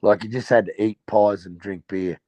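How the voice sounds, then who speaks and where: A man's voice: lowish voice, steady tone, moderate pace, mellow, dry recording, dull audio. An Australian man hosting a casual chat, telling profane stories and laughing at them. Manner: rowdy, profane storytelling, laughing at his own tales.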